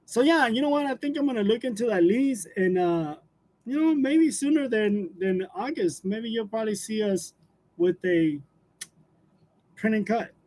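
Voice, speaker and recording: Chatty, laughing man, high voice. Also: moderate pace, darkish tone. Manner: laughs often while telling stories, chatty with fillers. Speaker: livestream host. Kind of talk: casual livestream chat with viewers.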